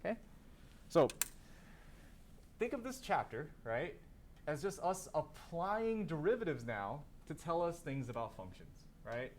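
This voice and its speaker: A man with a slightly high, somewhat mellow voice teaches calculus in a classroom lecture, with a little hiss or hum in the recording. He asks students questions, then answers them himself while repeating key terms.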